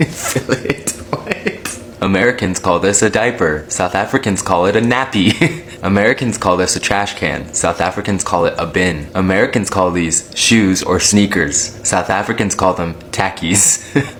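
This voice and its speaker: A man's voice: low voice, a bit bright, slight background noise. A man reading out word comparisons, amused and laughing between lines. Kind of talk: comparison skit narration.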